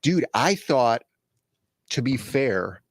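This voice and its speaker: A man's voice: mid-range voice, big pitch swings, slow pace, no room sound, studio quality. A man co-hosting a casual live-stream chat, rambling wryly with many fillers. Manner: rambling, filler-heavy, wry. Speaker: co-host.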